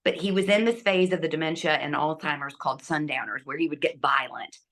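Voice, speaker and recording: Lively woman telling a story. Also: deep voice, brisk. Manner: animated, acts out quotes, drops to hushed asides. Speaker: guest. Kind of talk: personal storytelling in an interview.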